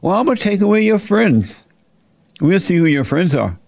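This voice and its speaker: A man's voice: high voice, big pitch swings, moderate pace, vocal fry, a little mellow, no room sound, studio quality, exaggerated voice. A man voicing Satan as a smug, taunting male devil in a spoken Bible retelling.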